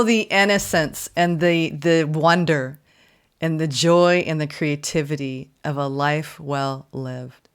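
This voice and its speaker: Expressive woman giving a tarot reading. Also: deep voice, clear, resonant tone. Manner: expressive, emphatic, swings between loud exclamations and soft murmurs; often says "right?" and "like". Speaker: tarot reader. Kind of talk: casual spoken tarot reading.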